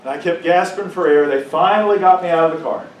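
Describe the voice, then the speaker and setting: High-voiced man giving an emotional testimony. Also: slight background noise. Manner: emotional storytelling, rising to impassioned outbursts; drops to a hushed, halting voice at painful moments. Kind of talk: personal testimony to a congregation. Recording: echoey room, mic at a distance.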